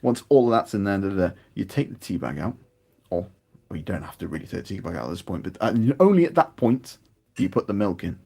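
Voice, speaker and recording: A British man with a husky voice chats casually while painting miniatures, rambling and growing animated. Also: deep voice, fast. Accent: British English. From United Kingdom. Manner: rambling, chatty, grows animated.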